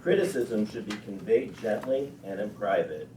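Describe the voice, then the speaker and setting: A man in a class reading a text aloud in a steady, careful way. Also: lowish voice, moderate pace. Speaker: class participant. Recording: distant and roomy, with background noise.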